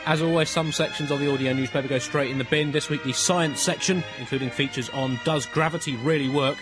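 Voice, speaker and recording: A man co-hosting a comedy podcast, with a dry, deadpan mock-newsreader delivery. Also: a little high, a little fast, over music. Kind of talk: deadpan satirical news comedy.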